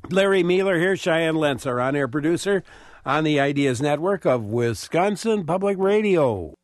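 A man hosting a public radio call-in show, relaxed and chatty, laughing easily. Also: a little high, normal speed, dry recording. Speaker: radio talk show host. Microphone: studio microphone.

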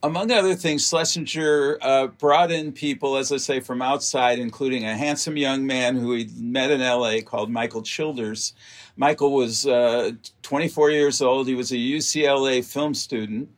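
A man's voice: medium pitch, fairly even intonation, normal speed. A man, a guest in an interview, telling detailed behind-the-scenes stories about making a film, with frequent fillers. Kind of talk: interview storytelling.

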